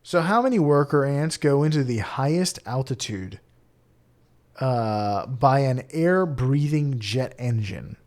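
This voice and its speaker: A man co-hosting a podcast in loose, casual chat. His voice sits at an ordinary middle pitch, and he laughs easily and now and then stumbles over hard words. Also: animated, takes it slowly, a little mellow. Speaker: podcast co-host.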